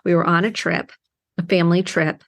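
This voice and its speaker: Earnest, low-voiced woman therapist podcaster. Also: little pitch movement, brisk. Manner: earnest, heartfelt, emphatic in bursts. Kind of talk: reflective solo podcast monologue.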